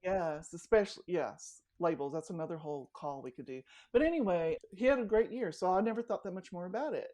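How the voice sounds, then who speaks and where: Animated woman telling a story. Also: on the low side, fairly quick, hardly any pauses. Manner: animated storyteller, acts out quoted dialogue. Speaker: guest, life coach. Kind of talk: casual interview storytelling.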